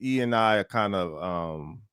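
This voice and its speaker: A man with a very low voice talks as a guest on a podcast. He rambles in a relaxed way and fills pauses with "uh" and "you know". The sound is close and dry. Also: smooth, dry recording. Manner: relaxed, rambling, many fillers. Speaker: musician guest. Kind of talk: casual interview chat.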